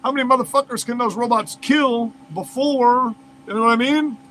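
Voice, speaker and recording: A man's voice: very high voice, fairly even intonation, normal speed, a bit bright, slight background noise, low-quality recording. A man reads news aloud and breaks off into heated, profane, incredulous rants as a commentary host. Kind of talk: reading news aloud and ranting over it.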